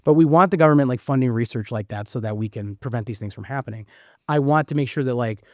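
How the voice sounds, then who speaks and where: A man in his thirties, a podcast guest talking fast and animatedly, with plenty of fillers and the odd swear. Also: mid-range voice, darkish tone, no room sound, clean studio sound. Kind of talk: casual conversation.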